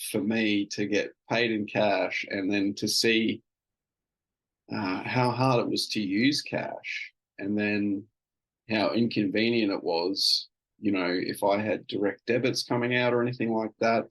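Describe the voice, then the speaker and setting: A man's voice: fairly low pitch, gravelly, fairly bright tone, breathy edge, rough recording. A man hosting a casual solo podcast, telling an everyday story in a rambling, self-amused way with plenty of fillers and restarts. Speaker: podcast host.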